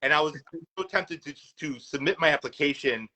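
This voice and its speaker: A man's voice: on the high side, a little fast, pushed and bright, low-quality recording. A man from Chicago, a guest in a casual chat, talking eagerly with lots of "you know". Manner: eager and upbeat, many "you know" fillers. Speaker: guest, food business owner.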